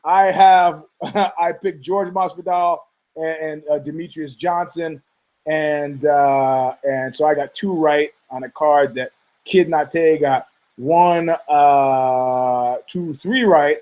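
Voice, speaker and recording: Man, high-pitched voice, podcast host, rambling rant, profane, heated, stumbles and restarts. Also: fairly even intonation, takes it slowly, lo-fi sound. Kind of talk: rambling combative commentary.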